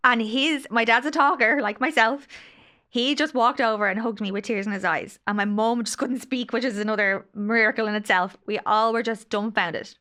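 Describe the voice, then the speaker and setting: Bright-voiced woman, effusive storyteller. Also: on the high side, fairly even intonation, moderate pace. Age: late 30s. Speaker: guest, angel healer. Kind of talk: casual podcast conversation.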